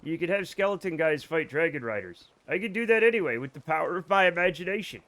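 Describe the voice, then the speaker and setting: A man chats loosely with his live viewers while he plays a video game. His voice sits a little higher than most men's, and he rambles, jokes and swears without a second thought. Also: animated, quick pace, fairly bright tone. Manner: rambling, joking, swears freely. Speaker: streamer. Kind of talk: casual let's-play chat with viewers.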